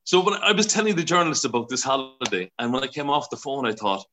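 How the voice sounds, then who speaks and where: An Irish man in his sixties, a broadcaster telling stories as an interview guest, chatty and quick to laugh, acting out voices as he goes. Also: medium pitch, expressive, pushed and bright, a little hiss or hum. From Ireland. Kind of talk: casual storytelling interview.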